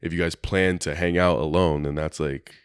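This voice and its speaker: A man co-hosting a podcast in casual chat, talking in a relaxed, thoughtful way with lots of "like". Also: deep voice, moderate pace, clean tone, no echo, studio quality. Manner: relaxed, thoughtful, many "like" fillers. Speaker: podcast co-host.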